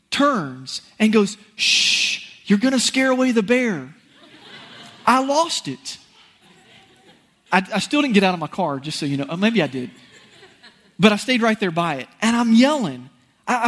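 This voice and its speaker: A man preaching a sermon, telling a personal story in an animated, folksy, conversational way. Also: sits high, fairly quick.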